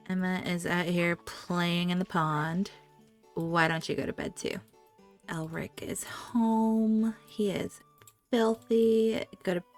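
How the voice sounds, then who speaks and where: A woman talks through her game at an unhurried pace, her voice sitting a little low. She chats to her characters and coos over the farm animals. Soft music plays faintly behind her. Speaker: gaming YouTuber. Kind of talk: casual let's-play commentary.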